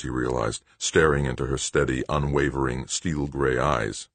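A man narrating an audiobook in a steady, even storytelling manner. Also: very deep voice, moderate pace, hardly any pauses, dry recording. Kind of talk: scripted narration.

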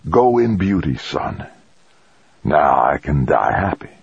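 A feeble old grandfather on his deathbed croaks his words slowly and faintly, voiced by a male narrator. The voice is very deep and gravelly, with a husky edge. The audiobook recording is dry and dull. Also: very animated, full character voice. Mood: faint tender. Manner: slow, faint, breathy and far-off. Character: frail dying old grandfather, mystical.

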